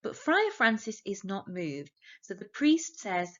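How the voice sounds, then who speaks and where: English lady teacher going through a play for exam prep, mid-pitch voice, slightly muffled audio. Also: very animated, takes it slowly. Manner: explains steadily, reading quoted lines aloud plainly. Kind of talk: annotating a play for exam revision.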